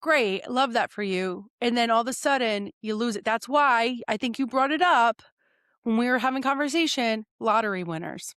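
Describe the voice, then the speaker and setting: A woman's voice: on the high side, animated, moderate pace, a bit bright, dry recording, clean studio sound. A woman hosting a casual podcast chat on shadow work, talking animatedly, swearing and acting out the dialogue she quotes. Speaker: host, shadow work coach.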